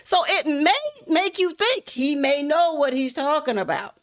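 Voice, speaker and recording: In a high-pitched voice at a measured pace, a motivational speaker and content creator tells a relaxed, folksy story. She speaks right to her listeners, addressing them as y'all.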